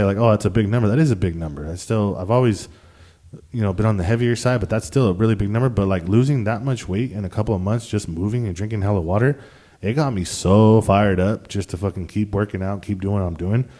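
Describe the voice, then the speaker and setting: Rambling young man with a lowish voice. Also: dark tone. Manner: profane, slangy and rambling, with frequent restarts. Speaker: vlogger. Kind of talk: casual storytelling to the camera.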